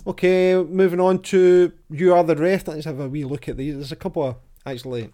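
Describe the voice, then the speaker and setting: Man, mellow dark voice, casual football podcast host, chatty. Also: on the high side, a little fast. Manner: chatty, reads quotes aloud with lively voices.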